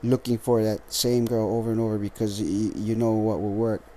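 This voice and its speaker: A tired, lethargic man hosting a casual solo podcast, rambling with halting restarts and frequent swearing. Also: fairly low pitch, little pitch movement, warm tone, a little hiss or hum. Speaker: podcast host.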